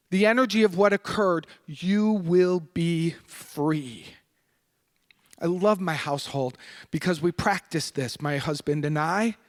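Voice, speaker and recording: Guy preaching a sunday talk, kinda high voice, goes quiet then gets loud and fired up. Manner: passionate, swinging from hushed to loud and emphatic; candid, laughing at his own anecdote. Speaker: guest minister. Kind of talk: Sunday sermon. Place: spiritual center congregation.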